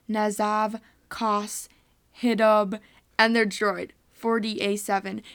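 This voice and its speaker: A woman on a casual podcast reading fan fiction aloud in a plain, steady voice. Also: mid-range voice.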